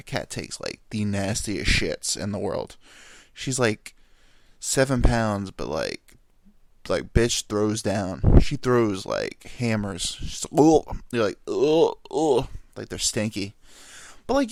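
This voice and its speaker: Casting note: lively-voiced man in his thirties, rambling crude storyteller, close dry sound. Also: medium pitch, no echo. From New York. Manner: rambling, animated, crude humor, jumps into silly voices. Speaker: vlogger. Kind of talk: casual storytelling monologue.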